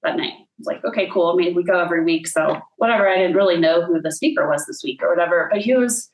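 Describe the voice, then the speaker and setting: A woman's voice: lowish voice, quick pace. Woman telling a story in an echoey room. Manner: casual storytelling with many fillers. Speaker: guest. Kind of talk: personal faith testimony.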